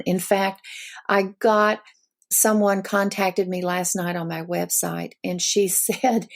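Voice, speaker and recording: Older Southern woman guest, slow and gravelly, a natural storyteller. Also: medium pitch, steady tone. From Ozarks of Missouri. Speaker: guest author. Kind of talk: storytelling interview.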